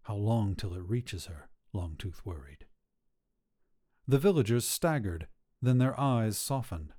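A man narrating a dark fairy tale in a slow, hushed storybook telling. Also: fairly low pitch, expressive.

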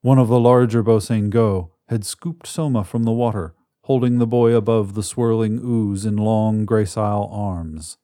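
A man in scripted narration of a science fiction story, telling it in a measured, dramatic way on a close mic. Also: lowish voice, steady tone, mellow, no echo.

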